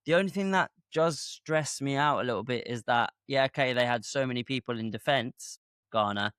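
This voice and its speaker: Male podcast co-host, resonant smooth voice, measured and reasoning, dry close mic. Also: medium pitch, fairly bright tone, dry recording. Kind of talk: casual football chat.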